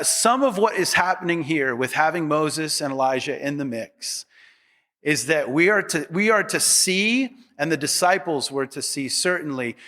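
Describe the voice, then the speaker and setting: A man's voice: a little high, bright, forceful tone. A middle-aged man preaching a sermon as pastor, conversational and humorous, with asides to the congregation.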